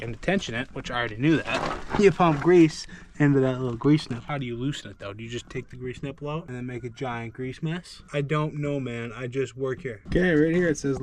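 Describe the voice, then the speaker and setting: Joking man in a noisy farm shop. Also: medium pitch. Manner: self-deprecating, joking, thinks aloud. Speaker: farm vlogger doing equipment repairs. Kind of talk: casual running commentary while working.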